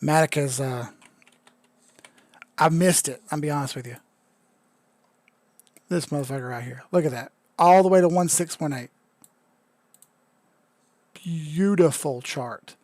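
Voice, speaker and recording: A man's voice: a little high, normal speed, long pauses, a little mellow, no room sound. A young man, a bit drunk, doing casual crypto chart commentary on a live stream, loose, joking and profane. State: tipsy.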